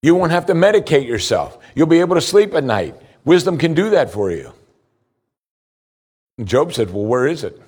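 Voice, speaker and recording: This is a man preaching from the pulpit as a pastor. He reads the Bible slowly, then his voice climbs with lively rises whenever he pushes an argument.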